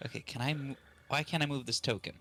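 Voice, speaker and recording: A man's voice: medium pitch, fast, pushed and bright. A man playing a tabletop game, chatting casually and often laughing at himself. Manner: laughs a lot, self-mocking. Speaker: player.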